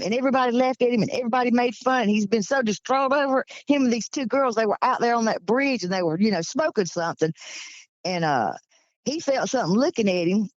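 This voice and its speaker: A woman in her sixties from Georgia tells stories with a Southern accent, jumping up and down in pitch to act out the people she quotes. The sound is dry and a little muffled. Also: no room sound. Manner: lively storyteller acting out quoted voices. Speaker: interview guest. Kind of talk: storytelling in an interview.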